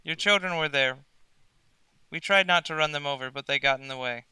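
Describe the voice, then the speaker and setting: A man narrating as game master, asking dry, deadpan questions. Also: a little high, a little fast, clear, resonant tone, no echo.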